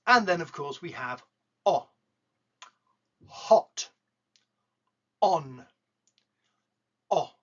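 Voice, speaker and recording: This pronunciation teacher, who has an English accent, keeps the lesson playful with jokes and drawn-out, exaggerated vowel demonstrations. The mid-range voice has lively intonation, a slow pace, and long pauses, with a fairly bright tone, and the highs are cut off.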